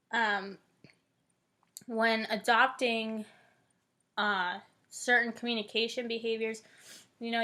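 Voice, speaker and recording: This chatty woman in her twenties, a Northeast Ohio college student, is laying out a theory in a relaxed way. She leans heavily on "like" and "um" fillers. Her pitch sits on the high side, and her voice sounds pushed and bright.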